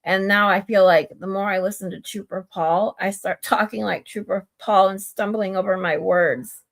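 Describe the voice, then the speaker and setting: A woman's voice: mid-range voice, fairly even intonation, moderate pace, vocal fry. Blunt, swearing woman live-streaming. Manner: blunt, swears freely, restarts sentences; reads text messages aloud to chat. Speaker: livestream host. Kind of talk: casual live-stream commentary.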